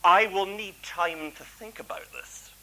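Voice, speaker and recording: A man's voice: sits high, measured pace, bright, forceful tone, pitched above the performer's own voice, full character voice, poor audio. A man voicing an earnest, literal-minded nine-year-old boy in a told story. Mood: solemn.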